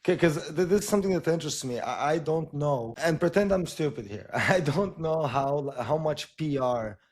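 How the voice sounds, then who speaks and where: A man hosting a casual interview, asking questions in a laid-back, halting way with many restarts. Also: fairly high pitch, animated. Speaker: podcast host.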